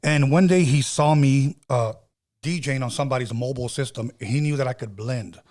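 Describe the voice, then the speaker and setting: A middle-aged man hosting a podcast, telling stories in a loose, animated way with slang and cursing. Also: mid-range voice, normal speed. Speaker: podcast host. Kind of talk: casual storytelling chat.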